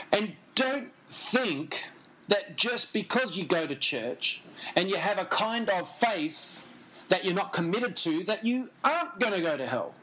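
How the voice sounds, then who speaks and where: A man's voice: high voice, sharp tone, rough recording. A man preaching a sermon, earnest and emphatic, repeating key phrases and turning to the congregation with conversational asides.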